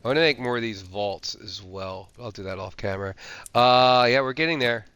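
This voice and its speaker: A man's voice: mid-range voice, a little fast, a bit bright, clear, resonant tone, dry recording. A man streaming a survival game, casually thinking aloud with lots of fillers and restarts. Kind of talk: casual gameplay commentary.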